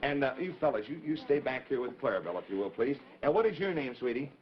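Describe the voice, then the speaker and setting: Speaking fast in a mid-range voice with lively intonation, a man hosts a live children's television show from the 1950s and cheerfully engages the kids in his audience. The sound comes from an old, dull broadcast recording with a faint hiss.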